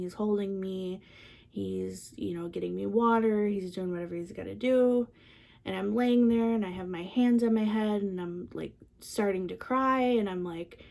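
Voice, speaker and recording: A young woman speaks to her channel in a soft, candid voice of middle pitch. She drifts through fillers and trailing pauses as she tells a personal story. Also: creaky. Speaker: vlogger.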